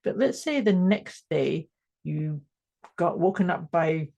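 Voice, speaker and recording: A woman's voice: on the low side, animated, slow pace, vocal fry, dark tone. A woman co-hosting a casual mindset podcast, explaining ideas step by step and laughing easily. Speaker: podcast co-host.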